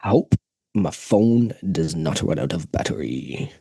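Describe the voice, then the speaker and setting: A man's voice: rumbling low, animated, takes it slowly, mellow, slightly rough, no room sound. A man in his thirties co-hosting a podcast over a video call, goofing around with silly voices while chatting casually. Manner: goofy, tries silly voices. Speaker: podcast co-host. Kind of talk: casual chat.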